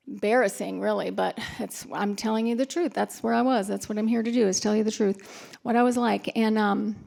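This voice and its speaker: Woman speaker at a retreat, fairly high voice with some vocal fry, tells personal stories candidly and laughs at herself. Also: darkish tone. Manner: candid, self-mocking storyteller with frequent laughs and fillers. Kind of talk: personal talk to an audience. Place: retreat conference hall.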